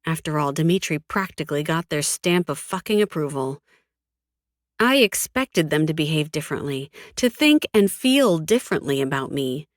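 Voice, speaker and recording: A woman narrating a first-person audiobook in a cold, flat, defiant tone, with frequent swearing. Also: deep voice, moderate pace, no room sound, studio quality.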